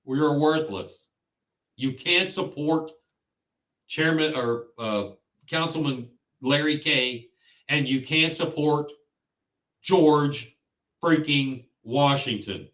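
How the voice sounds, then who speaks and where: Angry guy ranting about local politics, slow talker, sharp bright voice, echoey room. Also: a little high, distant mic. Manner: heated, ranting, insulting. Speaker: podcast host.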